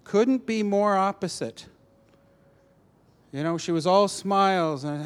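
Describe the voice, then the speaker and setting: A man preaching a personal testimony, telling the story animatedly with halting restarts. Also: high voice, clear, resonant tone.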